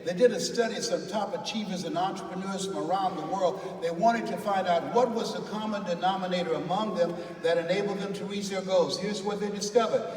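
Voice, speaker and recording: High-voiced man preaching in an echoey hall. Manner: storytelling, animated, leads the crowd in repeated phrases. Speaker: motivational speaker. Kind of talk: motivational speech with call-and-response. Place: large hall with an audience. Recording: echoey hall from far off, faint noise.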